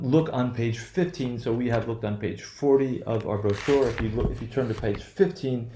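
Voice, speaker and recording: Halting man teaching in an echoey room. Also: mid-range voice, darkish tone, slight background noise. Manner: halting, self-correcting, many fillers and "right?" checks. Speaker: English pronunciation teacher. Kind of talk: recorded lecture.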